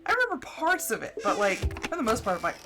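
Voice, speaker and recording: A woman's voice: fairly high pitch, wildly swooping pitch, quick pace, low-quality recording. Chatty young woman streamer over music. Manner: chatty, laughs often, acts out her own thoughts. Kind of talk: casual chat while gaming. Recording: game music playing behind. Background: background music.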